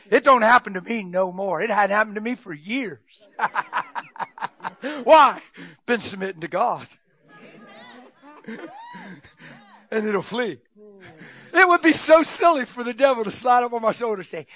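High, bright-voiced animated preacher man. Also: unhurried, long pauses. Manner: animated, laughing, bursts of shouting. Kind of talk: sermon.

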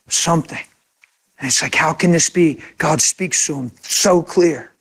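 A man's voice: on the high side, vocal fry. A man preaching a sermon in an impassioned, conversational way, acting out imagined quotes.

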